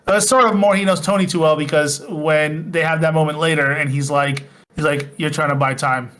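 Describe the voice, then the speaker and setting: A man's voice: on the high side, a little fast. A man co-hosting a podcast, animatedly retelling movie scenes in casual chat. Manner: animated retelling, acts out lines. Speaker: podcast co-host.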